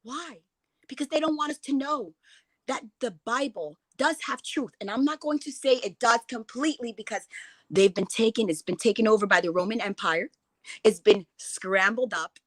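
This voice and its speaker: A woman's voice: on the high side, moderate pace, fairly bright tone, no echo. A woman giving an impassioned, emotional talk as a guest speaker, rambling and restarting her sentences as she goes.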